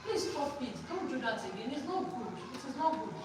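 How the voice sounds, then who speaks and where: Sing-song and a little fast, a woman's high voice leads a teacher training workshop where she prompts the room to complete her sentences in call-and-response drills. She is far from the microphone, and the hall is echoey and noisy.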